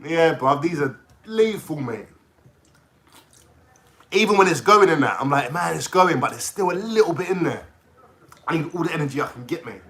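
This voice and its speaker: A man ranting casually on a livestream, swearing and talking in an excitable way. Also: on the high side, normal speed, pauses often. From London.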